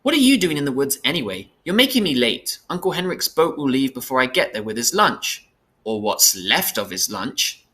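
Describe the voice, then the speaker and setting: A man voicing a chattering young girl who is bold but frightened, speaking high and quick. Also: sing-song, bright, forceful tone. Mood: indignant.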